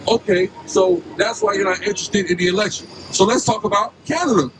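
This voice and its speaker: A man's voice: high voice, fairly quick. A man preaching outdoors on a city street, questioning passersby and repeatedly asking "right?". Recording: street noise and traffic.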